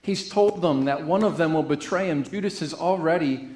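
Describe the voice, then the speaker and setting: A man's voice: fairly high pitch, normal speed, darkish tone. A man preaching a sermon as pastor, reading scripture in an earnest way and restarting phrases as he goes. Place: church sanctuary. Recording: echoey church room.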